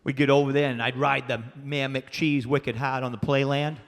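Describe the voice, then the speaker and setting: Male stand-up with a Maine accent, loud and crude, live room with faint crowd noise. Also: medium pitch, fairly even intonation, normal speed. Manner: loud, crude storytelling with acted-out voices. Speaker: stand-up comedian. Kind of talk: stand-up comedy routine. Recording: live club recording with long reverb and faint ambience.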